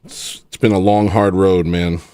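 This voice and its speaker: A man's voice: low voice, steady tone, moderate pace, warm tone, clean tone, no echo. A man hosting a livestream and talking casually in a rambling, sarcastic way, dismissing a critic in his chat. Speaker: livestream host.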